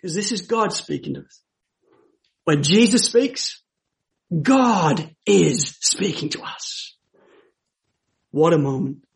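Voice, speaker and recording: A man preaching a sermon, moving from hushed storytelling to emphatic, raised scripture quotations. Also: a little high, lively intonation, slow pace, vocal fry, pauses often. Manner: dramatic, swings from hushed to emphatic when quoting scripture.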